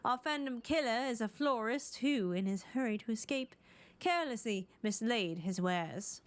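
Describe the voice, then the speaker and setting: A woman voicing a self-important, theatrical gentleman detective, reading his grand deductions quickly. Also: fairly high pitch, animated, lightly acted. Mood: pompous.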